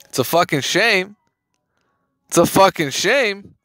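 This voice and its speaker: A man's voice: sits high, lively intonation, takes it slowly, fairly bright tone, no room sound, soft background music. A man hosting a boxing news channel, giving casual, emphatic commentary to camera in slangy talk, often repeating his phrases and swearing.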